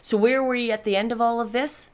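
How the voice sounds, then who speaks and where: A woman's voice: a little high, fairly even intonation, fast talker, clear, resonant tone. A woman in her fifties giving a frank, reflective personal monologue as a life coach, speaking directly to her viewers. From Canada. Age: 50s. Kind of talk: candid personal monologue to camera.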